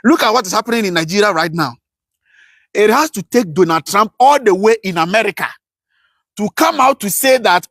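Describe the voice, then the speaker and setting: A man hosting a live political commentary stream, ranting passionately with rhetorical questions, swinging between shouts and low mutters. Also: animated, brisk, dry recording.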